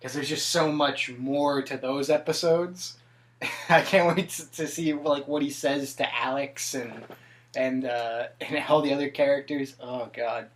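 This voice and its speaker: A man's voice: mid-range voice, steady tone, a little slow. A man hosting a podcast in casual chat. He often laughs and halts with fillers. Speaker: podcast host.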